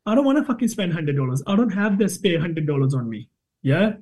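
A man in his thirties from India, a podcast guest telling a lively, sweary story about his trainer course. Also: high-pitched, brisk. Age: 30s. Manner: animated, swears freely, acts out both sides of quoted arguments. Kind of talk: casual interview storytelling.

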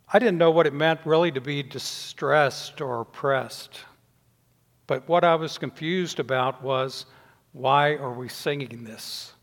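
Older preacher in a reverberant church. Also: male voice, mid-range voice. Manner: measured preaching, dropping softly at phrase ends. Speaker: pastor. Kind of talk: sermon. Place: church sanctuary. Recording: long reverb in a church hall.

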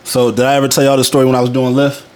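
A man's voice: mid-range voice, monotone, rapid-fire, a crowd in the background. A man hosting a casual podcast, telling stories in a laid-back way and laughing often. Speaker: podcast host.

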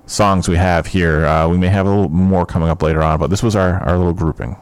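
A man with a very low voice talks loosely on a music podcast. He laughs a lot and trips over his own sentences. His voice is recorded close and dry, with no room around it. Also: steady tone, fast talker, clean tone, dry recording. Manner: loose and chatty, laughs often, restarts sentences. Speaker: podcast co-host. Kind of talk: casual chat about music.

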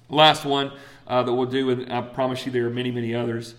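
Man, Southern accent, sermon, conversational and animated, acts out voices. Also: medium pitch, brisk. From South Carolina. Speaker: preacher.

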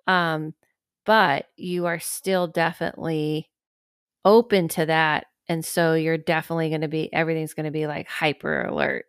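A woman hosting a podcast in casual chat, rambling with lots of fillers and lively acted-out quotes. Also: low-pitched, moderate pace, smooth, no echo, studio quality. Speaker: podcast host.

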